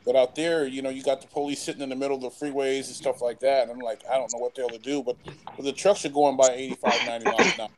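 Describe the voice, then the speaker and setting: A man's voice: medium pitch, fairly even intonation, quick pace, poor audio. A man in casual late-night chat on a remote call, rambling with lots of fillers and loose swearing. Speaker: panel guest.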